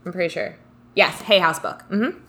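A woman's voice: on the low side, big pitch swings, normal speed, bright, forceful tone. A woman co-hosting a podcast, chatting casually and enthusiastically about books, with many "like"s. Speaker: podcast co-host.

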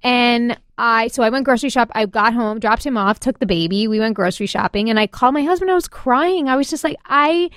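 Thirties mom co-host, candid and blunt, acts out quotes; slightly high voice, dry booth sound. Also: female voice, fast talker, few pauses, fairly bright tone, dry recording. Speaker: podcast co-host. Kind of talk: casual chat.

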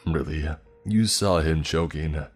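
A man's voice: a bass voice, completely flat delivery, unhurried, breathy edge, faint music behind, full character voice. A man voicing an earless male forest creature who demands answers and scoffs at them. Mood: scornful.

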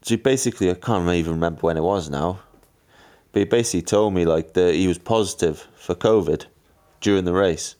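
A man's voice: sits low, brisk, a little mellow. A man, a cyclist, chatting casually and telling rambling stories with lots of fillers. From Wales. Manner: chatty storytelling, lots of fillers and mimicked voices. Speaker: pro cyclist, podcast co-host. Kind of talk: casual chat.

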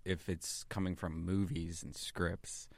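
A man co-hosting a casual podcast, explaining his ideas in halting, rambling sentences. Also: low-pitched, flat delivery, creaky, dry recording. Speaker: podcast co-host.

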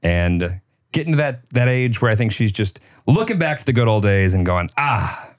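A man in his thirties co-hosting a podcast, chatting casually with wry, deadpan jokes. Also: on the low side, moderate pace, no echo, clean studio sound. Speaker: podcast co-host. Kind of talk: casual chat.

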